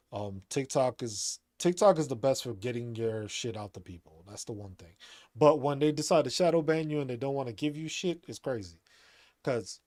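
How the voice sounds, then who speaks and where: A man's voice: mid-range voice, darkish tone, dry recording, clean studio sound. A man talking casually as a streamer, rambling, repeating himself and laughing often. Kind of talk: casual monologue.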